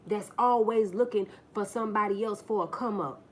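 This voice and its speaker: A woman's voice: medium pitch, normal speed. A woman hosting a casual livestream, telling stories straight to her viewers in a blunt, profane way and acting out the people in them, on a phone mic. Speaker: livestream host. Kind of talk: casual live-stream storytelling.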